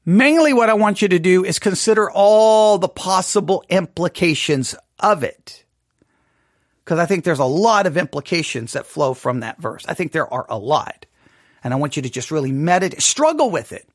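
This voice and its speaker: A man's voice: high voice, expressive, moderate pace, no room sound, clean studio sound. A man teaching a Bible study class, thinking aloud and asking many rhetorical questions.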